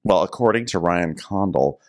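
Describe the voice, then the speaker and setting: A man with a lowish voice whose delivery swings widely as he riffs through a comedic TV recap. He is playful and giggly, tossing in silly asides. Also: lively intonation, normal speed. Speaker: podcast co-host.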